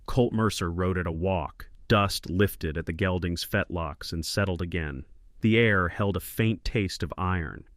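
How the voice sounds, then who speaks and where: A man narrating a scripted western story in a low, calm and measured way. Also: dry recording, clean studio sound.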